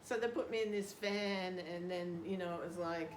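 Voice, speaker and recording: Older aussie woman, lowish voice, telling a story and laughing at herself, echoey room. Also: steady tone, normal speed. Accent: Australian. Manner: chatty, laughing, self-deprecating. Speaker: interviewee, devotee. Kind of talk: casual storytelling. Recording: roomy with background noise.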